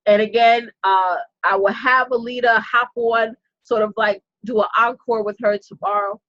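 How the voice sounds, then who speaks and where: A woman's voice: fairly high pitch, steady tone, normal speed, a bit bright. A woman business coach giving an impassioned, preachy motivational talk to her audience live, repeating phrases for emphasis. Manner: talks straight to her audience as y'all and ladies. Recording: dull lo-fi recording.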